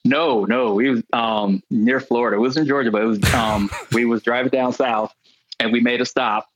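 Man telling stories with animated voices. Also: mid-range voice, normal speed, dry recording, rough recording. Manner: animated, acts out quoted voices. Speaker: comedian guest. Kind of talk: comic storytelling.

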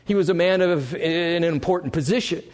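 Male pastor, slightly high voice, animated sermon delivery with sharp shifts in volume. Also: brisk. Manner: animated, swinging from loud emphasis to quiet asides. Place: church sanctuary before a congregation.

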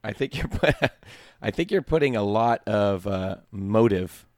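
Man, podcast co-host; low voice, good-humored, defensive; dry close sound. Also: animated, unhurried, dry recording. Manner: good-humored, laughing, defends his picks. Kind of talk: casual chat.

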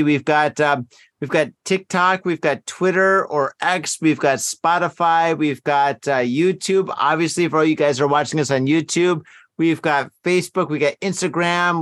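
A man with a fairly high voice hosts a loose drinking podcast, cursing constantly and circling back on his points. The sound is dry and close, with no room around him. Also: a bit bright, dry recording. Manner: heavily profane, rambling and emphatic. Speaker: podcast host. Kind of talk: casual drinking podcast chat.

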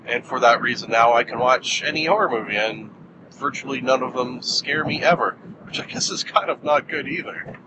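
A man talks through a movie review in a loose, rambling monologue. His voice sits mid-range, and he jokes and fills gaps with frequent "uh"s. A clear, steady vehicle rumble runs behind him. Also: normal speed, dull audio. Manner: rambling, jokey, many fillers. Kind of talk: casual film review monologue.

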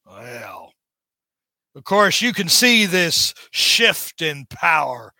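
A man's voice: a little high, very animated, drawn-out words, vocal fry, bright, forceful tone. A man hosting a comics podcast, gushing over a story and hamming up villain lines in casual chat. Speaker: podcast host reviewing comics.

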